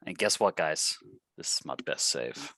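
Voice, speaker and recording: Bright-voiced joking man at a game table. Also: extremely low pitch, animated, unhurried, no room sound. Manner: joking, swears, laughs between lines. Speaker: player. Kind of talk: casual tabletop play.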